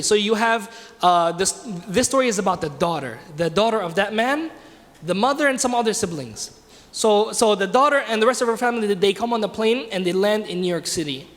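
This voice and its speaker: A man's voice: high voice, a little fast, a bit bright. A man teaching a religious class in a mosque, telling a story and asking his class questions in a conversational way. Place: mosque hall. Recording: reverberant hall.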